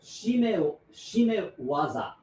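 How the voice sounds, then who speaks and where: A man's voice: sits high, very animated, very slow, mellow, breathy edge. A man hosting a casual livestream, chatting and rambling with frequent restarts and asides. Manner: rambling, self-correcting, chatty. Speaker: livestream host.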